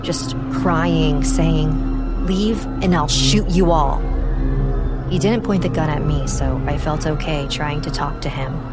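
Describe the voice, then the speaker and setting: A young woman from California's East Bay tells a personal story in a calm, reflective way. Her voice sits low for a woman. Music plays clearly in the background behind her. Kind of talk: first-person storytelling narration.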